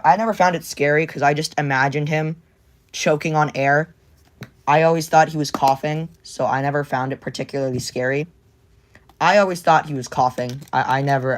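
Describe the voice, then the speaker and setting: A young man chatting casually with his viewers while drawing, rambling and joking around. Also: mid-range voice. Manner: rambling and goofy, jumps between silly voices and whispers. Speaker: streamer.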